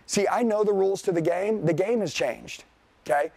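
A man's voice: high voice, moderate pace, darkish tone, dry recording. A man giving a motivational sales seminar to a live audience, talking bluntly and profanely. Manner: profane, blunt, fired-up, addresses the crowd directly. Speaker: sales trainer.

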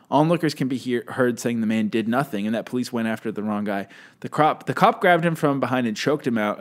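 A man hosting a podcast, reading out a news story in casual chat and laughing often. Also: medium pitch. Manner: giggly, laughs often, loose and joking. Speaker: podcast host.

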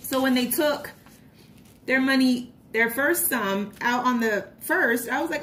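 A young woman chatting casually while budgeting, telling a story with lively retold reactions. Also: sits high, a little slow, a little hiss or hum. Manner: chatty storytelling, animated retellings. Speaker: vlogger.

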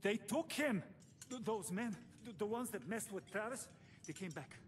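A man's voice: high-pitched, lively intonation, normal speed, slight background noise. An actor playing an anxious man pleading for help after his brother was taken, in a game. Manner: frantic, pleading.

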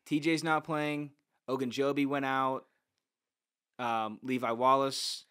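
A man hosting a sports talk show, calm and dry, steering the segments. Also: medium pitch, slow, smooth. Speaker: host.

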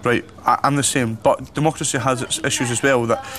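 A man's voice: mid-range voice, fairly even intonation, brisk, a bit bright, slight background noise. A Scottish man in casual chat on a reality show, patiently explaining things.

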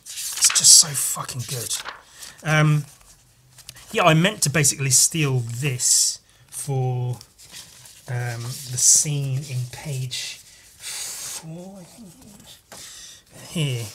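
A man hosting a podcast, over-caffeinated and chatting casually while flipping through comics. He rambles and swears, with jumpy, excited talk. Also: slow pace, long pauses, slight background noise. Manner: wired, rambling and profane, jumping in pitch. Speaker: podcast host and comic artist.

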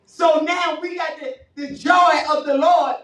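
A woman pastor delivering a fervent sermon, building up to shouts and often breaking into laughter. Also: high-pitched, fairly even intonation, unhurried. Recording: echoey church audio from far off.

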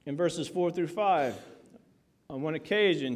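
A man's voice: a little high, sing-song, normal speed. Male pastor, casual joking sermon, slightly raised voice. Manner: conversational, joking, many asides.

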